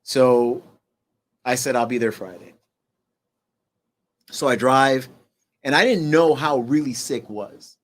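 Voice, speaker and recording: A medium-pitched middle-aged man, guesting on an interview show, relates a personal story. The telling is halting, full of restarts and fillers, and his voice sinks quieter at the heavier moments.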